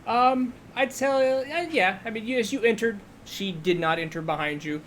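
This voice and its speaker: A man running a tabletop game as game master, narrating in a relaxed way with many fillers. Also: sits high, moderate pace, slight background noise.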